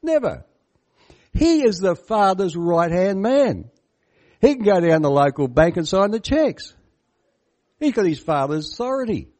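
An animated man preaching a sermon, his pitch swinging widely as he stresses points. He is emphatic, keeps throwing questions at his listeners and stops to comment on the passage. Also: measured pace, pauses often. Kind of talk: sermon on a Bible parable.

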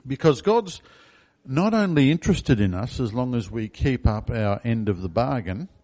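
A man's voice: mid-range voice, lively intonation, moderate pace, mellow. A man preaching a sermon in a conversational way, asking the congregation questions. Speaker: pastor.

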